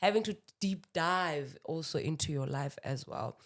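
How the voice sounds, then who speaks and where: A woman's voice: low voice, normal speed. A woman hosting a podcast interview, attentive and affirming. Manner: attentive, affirming, frequent murmurs of agreement. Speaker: podcast host.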